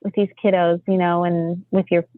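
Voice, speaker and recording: A woman's voice: moderate pace, no echo. An American woman tells stories as a podcast guest, bouncing between voices as she acts out quotes and breaks into laughter. She sounds like she is on a phone line, thin and tinny. The sound is close and dry, with no room around it. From United States. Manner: animated, acts out quotes with big pitch jumps, laughs often. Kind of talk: storytelling in casual chat.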